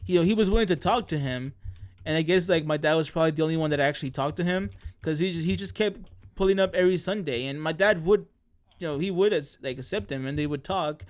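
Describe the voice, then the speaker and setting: A man's voice: on the high side, fast. A man streaming, chatting casually in a rambling way, often correcting himself and laughing mid-sentence. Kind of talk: casual chat.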